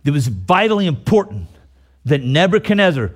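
A man preaching a sermon, reading scripture slowly and emphatically, with sudden loud, exclaiming peaks. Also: mid-range voice, huge pitch swings, slightly rough. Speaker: pastor.

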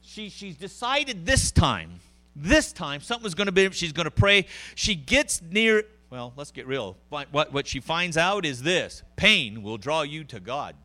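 A middle-aged man preaching a sermon, conversational and animated, with frequent asides to the congregation. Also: fairly high pitch, measured pace. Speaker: pastor.

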